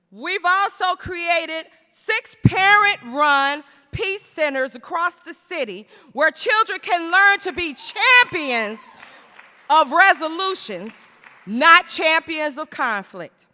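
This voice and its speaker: A woman giving a plenary speech at a conference, rhetorical and emphatic, slowing down to stress key phrases. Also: high voice, bright, forceful tone. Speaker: conference speaker. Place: large conference hall. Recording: reverberant hall.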